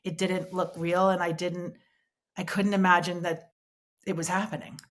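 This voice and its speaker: A middle-aged woman, an interview guest, recounting a painful personal memory in a halting way with many pauses and restarts over a remote call. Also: lowish voice, little pitch movement. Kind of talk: emotional personal recollection.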